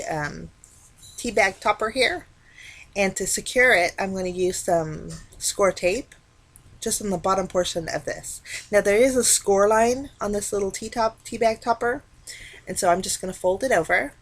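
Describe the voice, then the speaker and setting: A woman talking casually through a card-making tutorial, explaining each step in a relaxed, chatty way. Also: mid-range voice. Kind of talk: casual craft tutorial narration.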